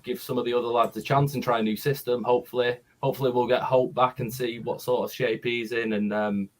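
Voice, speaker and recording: A man's voice: medium pitch, flat delivery, fast. A man calling in to a football phone-in, speaking earnestly with frequent restarts. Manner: earnest, talks in repeated restarts. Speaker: caller. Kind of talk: phone-in chat.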